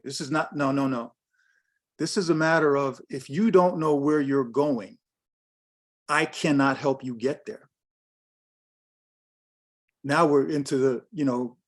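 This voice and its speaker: A man's voice: on the high side, fairly even intonation, measured pace, long pauses. A man in his sixties giving a workshop as a business coach, emphatic and direct, repeating his key phrases. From United States. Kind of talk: workshop talk on pricing.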